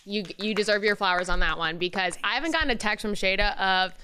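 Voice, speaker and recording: A woman in her twenties co-hosting a podcast, telling stories with lively, loud acted-out quotes. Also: mid-range voice, quick pace, a little hiss or hum. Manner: animated storyteller, acts out quotes loudly. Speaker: podcast co-host. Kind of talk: casual chat.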